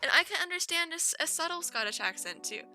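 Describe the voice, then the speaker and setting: A woman's voice: very high voice, sing-song, fast talker, bright, forceful tone, soft background music. A young woman from Eastern Canada, chatting casually and laughing often as she streams a game. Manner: giggly, rambling storytelling with frequent laughs. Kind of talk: casual chat while gaming.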